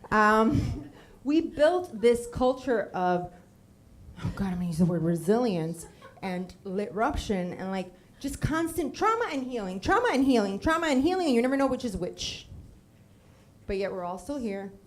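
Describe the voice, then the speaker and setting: A woman's voice: mid-range voice, very animated, a little slow. A woman in her thirties from Miami, telling a comic personal story on a theater stage and acting out the voices of the people she quotes.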